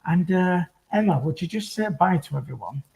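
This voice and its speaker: A man rambles through a casual post-match sign-off. His voice sits a touch high, and he fills his sentences with ums and false starts as he asks for likes and subscribes. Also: lively intonation, moderate pace, creaky, a little mellow. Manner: rambling with many fillers. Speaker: fan channel host.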